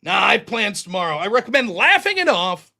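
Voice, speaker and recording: A man's voice: sits high, big pitch swings, brisk, vocal fry, bright, forceful tone. A man hosting a livestream, talking in a heated, sarcastic and profane way. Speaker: livestream host. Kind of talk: livestream commentary rant.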